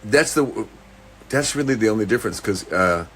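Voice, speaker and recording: A man with a low, bright, forceful voice speaks off the cuff in a casual video message. He stops and restarts often, circles his points, and turns to dry, darkly comic asides. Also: lively intonation, a little hiss or hum. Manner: halting and rambling, many restarts. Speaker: actor recording a personal video message.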